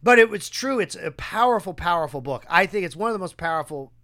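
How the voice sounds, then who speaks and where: A man hosting a podcast, chatting casually and acting out quotes with a raised, animated voice. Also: high-pitched, fast talker. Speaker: podcast host. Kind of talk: casual conversation.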